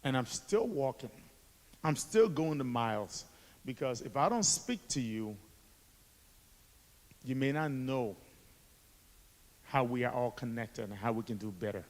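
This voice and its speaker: An echoey hall carries the voice of a guest speaker, a Liberian author and activist in his forties, as he motivates a school assembly with his personal story and rhetorical questions. His medium-pitched delivery is expressive and measured, with frequent pauses.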